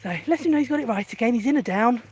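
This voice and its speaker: A woman trainer with a husky, mellow voice explains a live demonstration in an easy, steady way. Her pitch swings widely as she jumps into high, excited praise for her dog. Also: very fast, dry recording.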